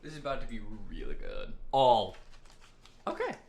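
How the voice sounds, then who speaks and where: A man's voice: medium pitch, wildly swooping pitch, moderate pace. A man streaming live while baking, chatting to himself and to his viewers in a casual way. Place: home kitchen. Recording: roomy kitchen with clear background noise.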